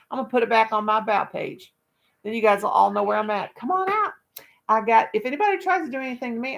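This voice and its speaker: A woman's voice: medium pitch, creaky. A woman chatting casually on her livestream, folksy and talkative, breaking into baby talk to her dog now and then. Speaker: livestream vlogger.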